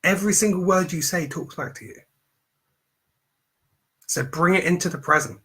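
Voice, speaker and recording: A man's voice: high-pitched, moderate pace, a bit bright. A man coaching on mindset in a live stream talk, emphatic and repetitive as he preaches self-affirmation.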